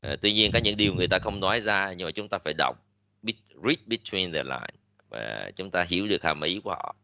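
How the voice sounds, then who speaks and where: A man with a Vietnamese accent lectures a class in a very low but bright, forceful voice. He talks in loose, halting English full of fillers and restarts, slipping into Vietnamese to explain. The sound is dry and slightly muffled, like a lo-fi classroom recording. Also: animated, vocal fry, no room sound. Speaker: English teacher.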